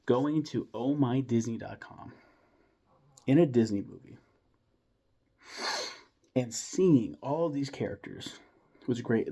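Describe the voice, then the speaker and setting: A man's voice: mid-range voice, warm tone. A young man giving a casual, rambling film review full of enthusiasm, restarts and mild swearing.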